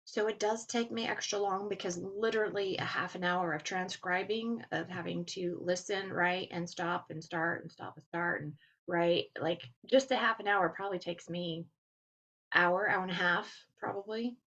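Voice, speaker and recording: A woman's voice: on the low side, steady tone, normal speed, fairly bright tone, dull audio. Chatty woman with a Texas accent. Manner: chatty, with frequent ums and laughs. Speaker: podcast host. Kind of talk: casual chat and reading aloud.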